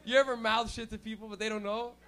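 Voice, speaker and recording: A male comedian from Canada hosting a club show, telling crude, animated stories with loud shouted bits. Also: high-pitched, quick pace. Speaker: stand-up comedian and host. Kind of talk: stand-up comedy set.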